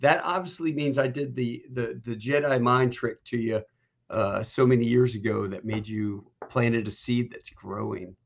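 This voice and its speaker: A man hosting a podcast, telling stories in a casual, animated way and acting out the people he quotes. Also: mid-range voice, normal speed, gravelly, lo-fi sound. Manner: animated, folksy, acts out quoted voices. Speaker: podcast host. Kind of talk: casual storytelling chat.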